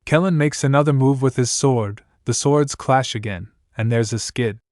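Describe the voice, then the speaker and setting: A man reading a scripted story recap in a flat, even, somewhat stiff way. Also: medium pitch, normal speed, dry recording, clean studio sound. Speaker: narrator. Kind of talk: scripted manhwa recap narration.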